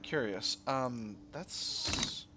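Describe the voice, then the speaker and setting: A man's voice: medium pitch, very slow, loud music behind the voice. A man hosting a gaming channel, musing and rambling with fillers as he comments on a strategy game.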